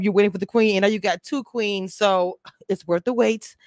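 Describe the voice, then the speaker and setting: A woman's voice: mid-range voice, a little fast, no echo, studio quality. A woman hosting a live online interview, gushing and playful with lots of slang. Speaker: host of a reality TV review channel. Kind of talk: excited live-stream interview.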